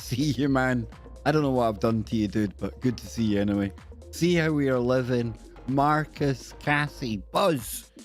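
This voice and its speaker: A man's voice: mid-range voice, a little mellow. A man hosting a casual live stream, chatty and jokey, greeting viewers by name.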